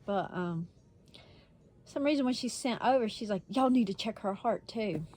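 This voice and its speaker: Woman vlogging, blunt storytime, cusses a lot, laughs through it, mid-pitched voice. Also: animated, normal speed, a little mellow, slight background noise. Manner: blunt, laughing, swears freely. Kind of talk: casual storytelling.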